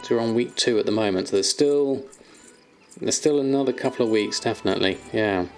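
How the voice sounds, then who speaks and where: A man's voice: on the low side, brisk, faint music behind. A man chatting on a live stream, reading viewer questions aloud and answering them with plenty of ums and fillers. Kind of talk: casual live-stream chat.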